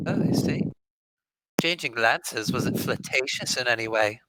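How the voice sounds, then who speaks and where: A man's voice: medium pitch, normal speed, heavy background noise. A man playing a tabletop game, asking playful, joking questions. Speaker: player. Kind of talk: casual tabletop game play.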